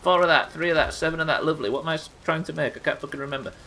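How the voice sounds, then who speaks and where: A man's voice: fairly high pitch, rapid-fire, pushed and bright. A young man hosting a live game stream, bantering with chat in a sweary, exasperated way. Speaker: streamer host.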